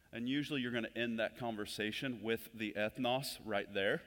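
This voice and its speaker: A pastor giving a conversational sermon in a church. His delivery swells louder and higher whenever he stresses a point. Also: fairly even intonation, normal speed. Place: church sanctuary. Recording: long hall reverb.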